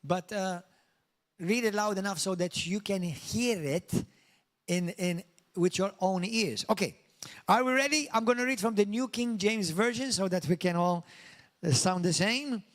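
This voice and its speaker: A fervent middle-aged male pastor from Malta, preaching and praying with a voice pitched above most men's. He repeats praise words and leads his congregation in call-and-response. His delivery is earnest and sermon-like. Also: a little slow. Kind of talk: sermon with prayer.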